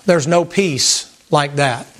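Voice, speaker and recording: Pastor guy preaching, folksy and animated, kinda high voice, lots of repeating. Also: slow pace. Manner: folksy and animated, with repetition and mimicked sounds. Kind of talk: sermon. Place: church sanctuary with congregation.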